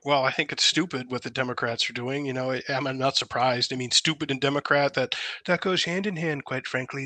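A man co-hosting a political podcast, blunt and emphatic, with plenty of fillers. His voice is very bright and forceful. The sound is dry and close, with no room echo. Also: mid-range voice. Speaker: podcast co-host. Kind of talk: casual political chat.

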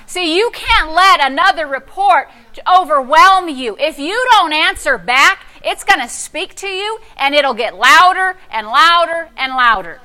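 A middle-aged woman pastor preaches a sermon, telling a story with sassy, animated energy that moves from hushed to loud. Her voice is high and her pace is normal.

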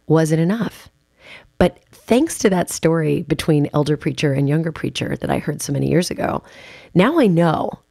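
Woman podcast host, speaking coach; low, gravelly voice, emphatic and chatty, with a dry close sound. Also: no echo. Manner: emphatic, chatty storytelling with casual asides. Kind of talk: conversational podcast monologue.

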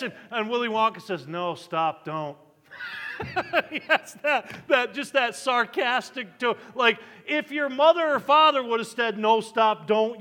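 Man, pastor, emphatic sermon, high bright voice, long church hall reverb. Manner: emphatic preaching with frequent amens and scripture reading. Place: church sanctuary.

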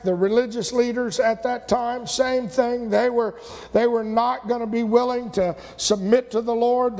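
A male pastor delivers a sermon, folksy and repetitive, building to emphatic peaks. His voice sits very high and carries a gravelly edge. The long reverb of the church sanctuary trails behind every phrase. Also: darkish tone.

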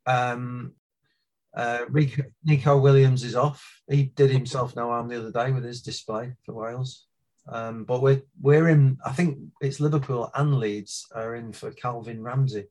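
A man calmly weighing up transfer rumours in casual chat. He speaks at a middling pitch, in a considered manner with frequent pauses. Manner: measured, thoughtful, lots of "um". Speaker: football podcast guest, Liverpool fan.

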